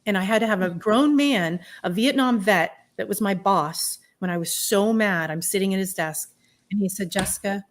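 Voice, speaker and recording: A middle-aged woman telling her own life story on a podcast panel, candid and animated, laughing through the hard parts. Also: mid-range voice, moderate pace. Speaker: podcast guest. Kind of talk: personal storytelling in a round table talk.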